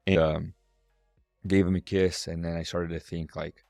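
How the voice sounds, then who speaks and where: A man's voice: deep voice, level tone, moderate pace, vocal fry, a little mellow, dry recording, faint music behind. A middle-aged man, a strengths coach and guest, telling a personal story on a podcast and acting out voices in the quotes.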